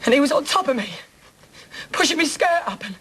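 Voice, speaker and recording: Brief: a distraught woman in her thirties, high-pitched, biting and raw, for a TV drama. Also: expressive, brisk, fairly bright tone, rough recording. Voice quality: bitter, sarcastic, then breaking down. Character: angry distraught East End woman confronting her attacker. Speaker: victim confronting attacker. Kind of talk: television soap drama acting.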